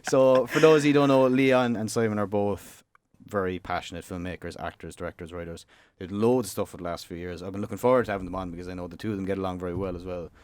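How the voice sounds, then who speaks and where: A man's voice: low voice, steady tone, darkish tone, no room sound. A young man hosting a casual podcast chat, joking and teasing his guests. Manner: teasing, quick banter. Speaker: podcast host.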